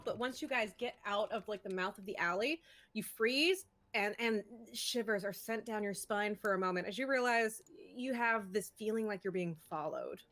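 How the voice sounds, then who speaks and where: A woman's voice: on the high side, fairly bright tone. A woman narrating as dungeon master in a casual, laid-back way, with fillers. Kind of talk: narrating a tabletop game.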